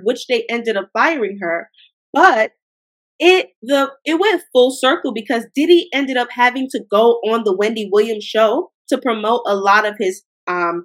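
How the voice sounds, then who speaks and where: A woman's voice: on the high side, a bit bright. A young woman hosting a podcast, talking in a chatty, emotional way with playful slang. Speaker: podcast host. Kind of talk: casual commentary.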